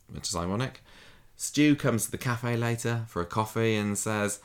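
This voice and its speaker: A man with a low, deep voice chats casually as a podcast co-host. He recaps with a loose, laughing manner, often slipping into little quoted voices. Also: moderate pace. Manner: chatty, laughing, acting out quotes. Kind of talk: casual chat recapping a soap.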